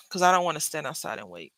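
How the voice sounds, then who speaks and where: A bright, forceful-sounding woman talks casually to her viewers while she crafts. She drifts from the project into stories and addresses the audience directly. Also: sits low, gravelly, slightly rough, dry recording, low-quality recording. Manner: chatty storyteller, drifts between crafting and anecdotes. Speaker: craft vlogger.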